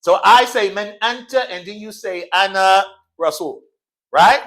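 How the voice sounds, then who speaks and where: His voice is high, a little fast, and a bit bright as he drills Arabic students in call and response inside a mosque classroom. The lesson is casual and slangy, broken up by plenty of joking and laughter.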